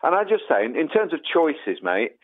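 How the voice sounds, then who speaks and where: A man's voice: a little high, very animated, normal speed. A man, a podcast guest chatting emphatically and often saying mate. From England. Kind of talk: casual conversation. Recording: phone-like audio line.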